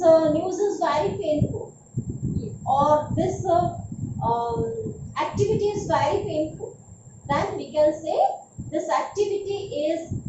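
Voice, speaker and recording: A woman teaches vocabulary in a high voice, saying each word twice and asking her students if they follow. She sounds far from the mic in an echoey room, and the recording is dull and noisy. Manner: repeats each word slowly, often checks in with "okay, students?". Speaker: English teacher. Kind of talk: vocabulary lesson.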